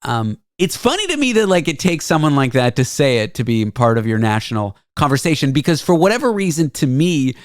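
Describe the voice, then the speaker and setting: A man hosting a podcast in casual comedic chat, joking and animated as he tells stories. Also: medium pitch, brisk, hardly any pauses, dry recording, studio quality. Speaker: podcast host.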